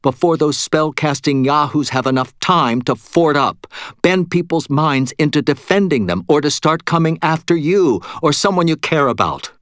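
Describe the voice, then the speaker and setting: A man's voice: fairly low pitch, moderate pace, dry recording, studio quality, natural voice. A man voicing a blunt, determined woman who used to be a police officer, speaking firmly in an audiobook. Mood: intense. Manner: firm, clipped and intense. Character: tough blunt woman ex-cop, hard and determined.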